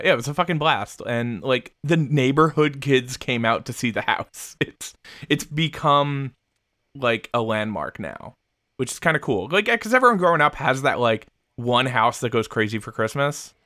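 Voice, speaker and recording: A man's voice: mid-range voice, animated, moderate pace, pushed and bright, dry recording, studio quality. A young man co-hosting a podcast, chatting casually in a rambling, laid-back way with plenty of swearing. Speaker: podcast co-host. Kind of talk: casual chat.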